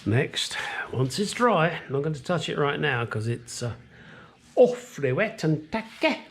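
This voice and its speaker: A man's voice: on the high side, very animated, a little slow, slightly rough. An older man talking casually through his workshop work, chatty and blunt, drifting into rambling asides. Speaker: home mechanic restoring a car. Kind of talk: casual workshop vlog narration.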